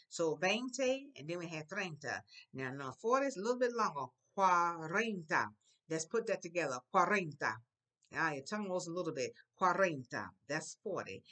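A woman with a slightly low voice leads a lively classroom lesson. She draws out each word slowly and clearly for her pupils and keeps coaxing them to repeat after her. Her tone is steady and encouraging, in a school classroom. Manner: slow, exaggerated pronunciation of Spanish words for pupils to repeat; encouraging, prompting the class often. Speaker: Spanish teacher.

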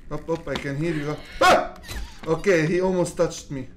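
A gaming channel host gives laid-back let's play commentary, mumbling and swearing before yelling at the monsters. His mid-range voice is steady and fairly quick, with background noise behind it.

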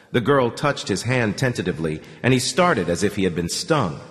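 A man narrating a novel in an audiobook with an expressive reading. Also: lowish voice, moderate pace, hardly any pauses, long reverb tail. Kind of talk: scripted narration.

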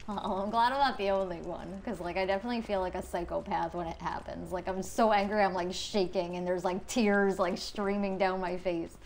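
Woman game streamer, casual, frustrated and cursing, mid-pitched, faint room noise. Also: fairly even intonation, fairly quick, few pauses, poor audio. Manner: frustrated, swears a lot, talks to chat. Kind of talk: casual live gameplay commentary.

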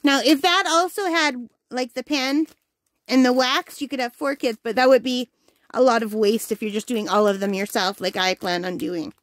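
A woman's voice: a little high, normal speed, no room sound. A woman hosting a crafting channel, chatting casually and enthusiastically at home while unboxing, with the hiccups. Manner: chatty, enthusiastic, easily delighted. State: has the hiccups.

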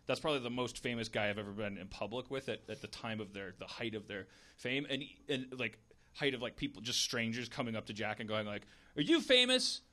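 A man's voice: fairly low pitch, steady tone, fast talker, pushed and bright. A man hosting a podcast, chatting casually in a rambling, jokey way with many restarts. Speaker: podcast host. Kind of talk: casual chat.

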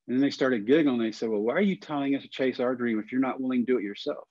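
A man in his forties from Texas, a podcast guest telling a long personal story in a folksy, animated way and acting out the voices of the people in it. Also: mid-range voice, racing, hardly any pauses, dry recording, muffled recording.

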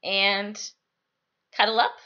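A woman teacher reading a picture book aloud to her students, expressive and sing-song, recorded at home. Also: medium pitch, slow, muffled recording. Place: home, indoors.

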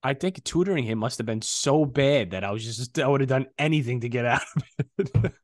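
A man co-hosting a podcast, telling a story in casual, profane, animated chat. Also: mid-range voice, normal speed, no echo, clean studio sound. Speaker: podcast co-host. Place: podcast studio.

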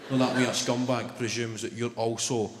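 A man's voice: medium pitch, fairly even intonation, normal speed, noisy background. A young man in his twenties with a Glaswegian accent, doing stand-up as he tells a story and checks in with the crowd, on an arena stage. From Scotland. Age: 20s. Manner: conversational storytelling, checking in with the audience. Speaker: stand-up comedian. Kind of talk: stand-up comedy. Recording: echoey arena with loud crowd. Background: loud crowd laughter.

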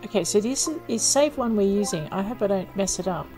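A woman talks through her gameplay in a casual, mid-pitched voice, recorded close on a desk microphone. She thinks aloud as she goes, with dry, self-mocking asides. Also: lively intonation, a little fast, music in the background, poor audio. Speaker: let's play gamer.

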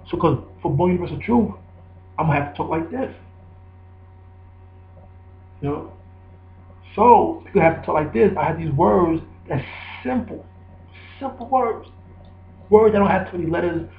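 A man's voice: on the high side, vocal fry. A man giving a rambling, preachy spoken monologue, repeating himself for emphasis. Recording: echoey, dull lo-fi recording.

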